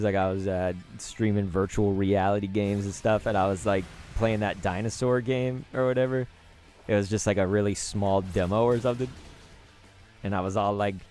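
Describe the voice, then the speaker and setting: A man's voice: lowish voice, darkish tone. A man streaming live gameplay, rambling and laughing as he chats with his viewers. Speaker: gaming streamer. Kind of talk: casual live gameplay commentary.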